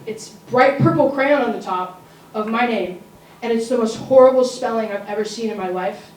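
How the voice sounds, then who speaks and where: A teenage girl spins a comic personal story at a school story slam, her voice a little high. She talks casually and throws asides to the listeners. The sound is roomy and picked up from a distance, with a faint hiss underneath. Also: moderate pace. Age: teens. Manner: comic, conversational, asides to the audience. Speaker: student storyteller. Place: school auditorium.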